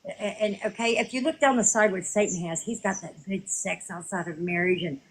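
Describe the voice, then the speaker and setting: Female caller; halting and unsure, turns emphatic and sermon-like. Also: mid-range voice, poor audio. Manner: hesitant with many ums, then preachy and emphatic. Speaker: caller in a debate. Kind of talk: casual live debate.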